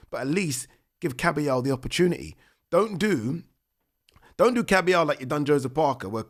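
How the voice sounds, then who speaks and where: Guy doing a boxing podcast, super lively pitch, gets fired up and loud. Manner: animated, indignant, rising to near-shouts when outraged. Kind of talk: casual solo commentary.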